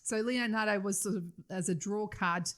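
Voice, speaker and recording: A woman's voice: mid-range voice, moderate pace, a bit bright. A middle-aged woman with an Australian accent, co-hosting a casual podcast chat and laughing often. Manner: laughs often, chatty and enthusiastic. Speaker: podcast co-host.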